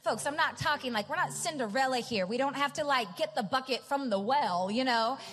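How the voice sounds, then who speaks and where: High-voiced woman preaching in a hall. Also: a little fast, fairly bright tone. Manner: storytelling, chatty asides, rising to emphatic. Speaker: pastor. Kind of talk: sermon. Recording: large hall with reverb, faint music.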